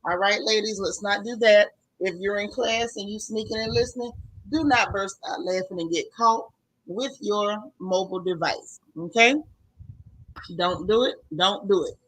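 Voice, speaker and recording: A woman's voice: mid-range voice, normal speed. A woman hosting a casual gossip livestream from home, greeting viewers by name with slang like sis and boo. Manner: chatty, warm Southern slang, calls viewers sis and boo.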